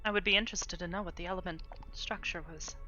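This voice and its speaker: A woman's voice: lowish voice, steady tone, fast, pushed and bright. A woman voicing a polite, composed synthetic woman who runs a space station, in a live role-play. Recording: dull lo-fi mic, faint music.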